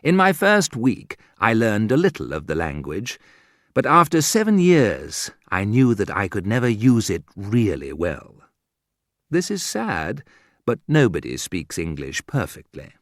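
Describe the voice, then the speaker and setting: A man reading a humorous book aloud in a dry, wry manner, with sudden lifts in pitch. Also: huge pitch swings, a little slow, dry recording. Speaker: audiobook narrator. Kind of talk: scripted humorous narration.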